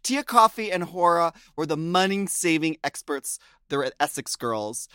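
A man co-hosting a podcast in casual chat, animated and quick to slip into impressions. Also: fairly high pitch, clean tone, no room sound, clean studio sound. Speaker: podcast co-host discussing a TV show.

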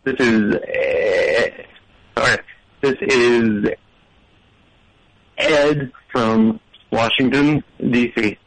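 A man's voice: medium pitch, very animated, drawn-out words, vocal fry, long pauses, dry recording, poor audio. A man calling in to a radio show, hesitant and apologetic. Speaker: caller. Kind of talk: call-in phone chat.

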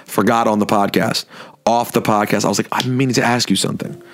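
A man chatting casually on a podcast, animated and telling stories with acted-out voices. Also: fairly low pitch, fast talker. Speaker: podcast guest, radio host. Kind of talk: casual chat.

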